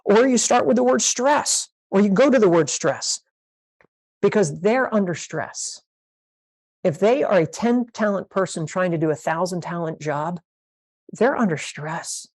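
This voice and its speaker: A woman's voice: mid-range voice, expressive, a little slow, a little mellow, husky. A woman pastor teaching a leadership master class, emphatic and repeating her key phrases, sometimes playing out sample conversations.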